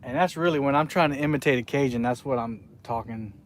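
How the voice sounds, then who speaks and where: A man's voice: mid-range voice, fast talker. Chatty man live streaming while fishing. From South Carolina. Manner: rambling, chatty, talks to viewers in the chat. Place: outdoors by the water, fishing.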